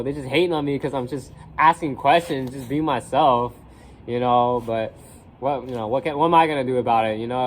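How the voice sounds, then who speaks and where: A young man, a college student, telling a rambling story in a casual vlog, full of slang, swearing and fillers, and acting out his classmates' voices. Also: slight background noise. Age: young adult. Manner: acts out classmates' voices with pitch jumps.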